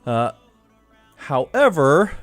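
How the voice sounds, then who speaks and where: A man's voice: fairly high pitch, very animated, drawn-out words, a bit bright. A man chatting casually on his live stream. He laughs often and pokes fun at himself, with faint music behind him. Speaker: live streamer and course author. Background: faint background music.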